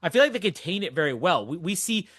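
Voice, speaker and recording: Man, young adult, podcast host, casual movie chat, enthusiastic, rambling, somewhat high pitch, dry close sound. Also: big pitch swings, fast talker, a bit bright, husky, no room sound. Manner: rambling, enthusiastic, laughs often.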